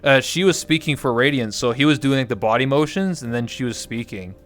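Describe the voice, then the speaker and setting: A man's voice: medium pitch, brisk, fairly bright tone. A man hosting a livestream, chatting casually in a rambling, jokey way. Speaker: livestream host. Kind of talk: casual chat.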